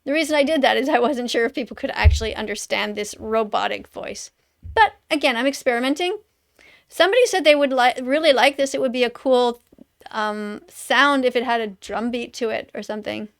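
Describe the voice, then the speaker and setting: A woman's voice: on the high side, a little fast, gravelly. A woman in her fifties, a vegan activist, casually explaining her videos in a rambling, explanatory way. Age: 50s.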